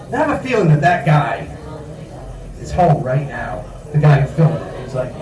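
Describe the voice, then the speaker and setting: A man's voice: a little high, very animated, moderate pace, reverberant, distant mic, a crowd in the background, rough recording. A man hosting a comedy night in a bar, doing stand-up with a rambling, self-correcting delivery.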